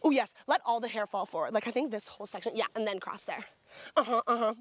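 A woman's voice: a little high, fast, fairly bright tone, no echo. A woman directing a photo shoot, bubbly and gushing with enthusiastic praise as she calls out poses. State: sucking on a throat lozenge.

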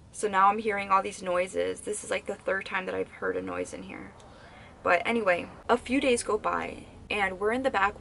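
A young woman vlogger casually telling stories to the camera, animated and swearing freely. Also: mid-range voice, creaky, a little hiss or hum. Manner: animated, swears freely while recounting scary events.

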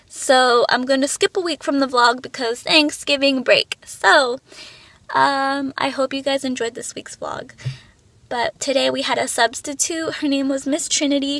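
A woman's voice: high voice, creaky, bright, forceful tone, no echo. A young woman chatting casually in a vlog, bubbly and full of filler words, stuffy from allergies. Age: young adult. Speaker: vlogger. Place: car and home, phone vlogging.

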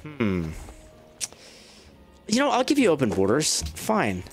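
A man giving casual, chatty commentary on his gameplay. He talks straight to the game's units and jumps up in pitch when he gets excited. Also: slow, faint music behind. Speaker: let's play gamer.

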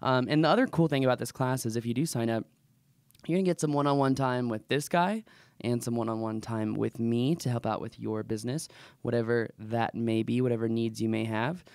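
Smooth-voiced man co-hosting a podcast. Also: mid-range voice, brisk, a little mellow, no room sound, studio quality. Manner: rambling, trails off with fillers. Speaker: podcast co-host. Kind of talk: casual podcast chat.

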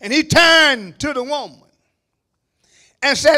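A man preaching a sermon as pastor, shouting at the peaks and dropping into low asides to the congregation, calling on them to answer. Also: slow pace, pauses often. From Kentucky, USA. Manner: call-and-response preaching, calls on the congregation. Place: church sanctuary.

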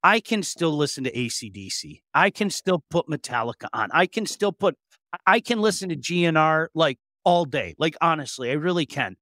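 Middle-aged male co-host, animated and joking, lively pitch, dry close mic. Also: moderate pace, dry recording. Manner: animated, joking, frequent restarts. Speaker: co-host of sports talk show. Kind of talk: casual sports radio chat.

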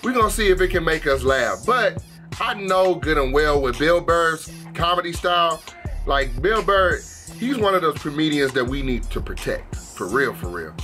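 A man's voice: a little high, expressive, normal speed, bright, forceful tone, faint music behind. A young man hosting a reaction video, talking in a hyped, slangy, casual way and repeating himself.

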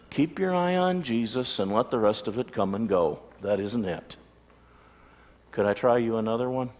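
A man preaching a sermon as a pastor, animated storytelling with acted-out voices. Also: medium pitch, moderate pace. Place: church sanctuary. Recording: long church reverb.

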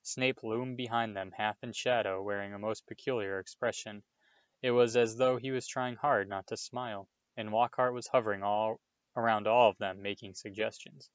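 A man reading a children's novel aloud in a steady, measured way. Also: fairly low pitch, clean tone, no echo, muffled recording. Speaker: reader. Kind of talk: audiobook read-aloud.

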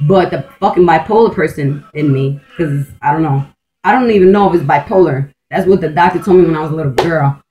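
A woman's voice: sits low, fairly quick, highs cut off. Blunt, rambling woman swearing freely. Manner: profane, blunt and streetwise; rambling, with frequent restarts and "like". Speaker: vlogger. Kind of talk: casual rambling monologue.

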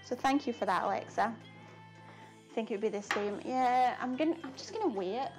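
A Scottish woman with a slightly high voice chats away as she cooks in her home kitchen, laughing easily and answering viewers' comments. Faint music plays softly behind her. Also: lively intonation, moderate pace. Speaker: cooking streamer. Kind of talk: casual live-stream chat while cooking.

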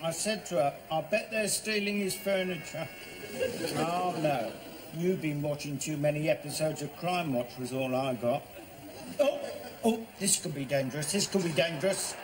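An actor playing a grumbling husband who mutters asides and shouts at the football on TV, in a sitcom. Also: male voice, a little high, moderate pace, background noise, natural voice. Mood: smug. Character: grumbling middle-aged husband, smug football fan. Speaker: neighbour watching football on TV. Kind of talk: sitcom acting.

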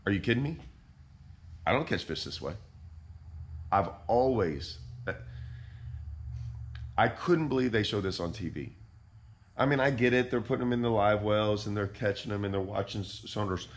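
A man hosting a fishing channel, ranting in deadpan, mock-outraged irony and repeating himself. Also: fairly low pitch, moderate pace, long pauses. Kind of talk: sarcastic vlog rant.

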